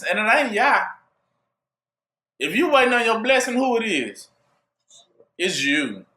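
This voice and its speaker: A man preaching in a high, swooping voice that rises and falls widely. He keeps throwing rhetorical questions at his listeners in call-and-response fashion. The recording carries a noticeable room echo. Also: sharp tone. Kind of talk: sermon.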